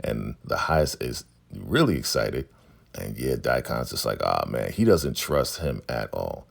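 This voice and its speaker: Gravelly deep-voiced man recapping a show. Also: very animated. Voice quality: gravelly, husky low voice. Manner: retells scenes with quick quoted dialogue and laughs. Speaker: recap host. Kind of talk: casual TV recap, acting out characters' lines.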